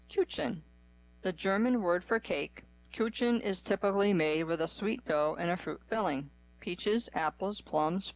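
A woman's voice: on the low side, low-quality recording. Woman reading a magazine piece aloud. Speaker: radio reader. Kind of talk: read-aloud magazine article.

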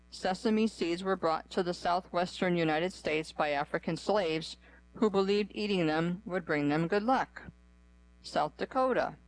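A magazine article read aloud on a reading-service radio programme, steady and unhurried, with a small pause after each heading. The voice sits mid-range and sounds close to the mic in a dead, dry booth. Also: medium pitch, dry recording, poor audio. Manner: even, measured reading with pauses between list items.

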